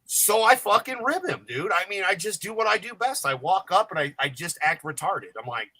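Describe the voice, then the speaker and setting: A man's voice: sits high, animated, brisk, bright, forceful tone, no echo, low-quality recording. A man telling jokey, rambling, profane stories as a guest on a podcast panel. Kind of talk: casual storytelling chat.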